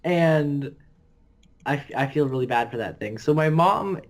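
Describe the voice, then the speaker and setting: A young man chatting on a casual podcast, tossing in jokey asides and laughing often. His voice sits fairly high for a man. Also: unhurried. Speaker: podcast co-host. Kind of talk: casual chat.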